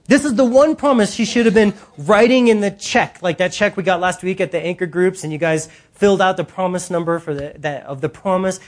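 A preacher delivering an animated sermon with emphatic, direct appeals to the congregation. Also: medium pitch.

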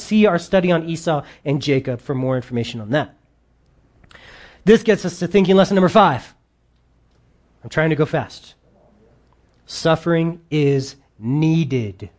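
Emphatic preacher with loud and quiet swings. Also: mid-range voice, animated, a little slow, pauses often. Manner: reads scripture aloud in between explaining. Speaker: pastor. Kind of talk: sermon.

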